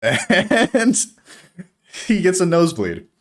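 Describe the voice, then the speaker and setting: A man's voice: high voice, wildly swooping pitch, slow. A man running a tabletop game as game master, narrating casually with laughs and swearing.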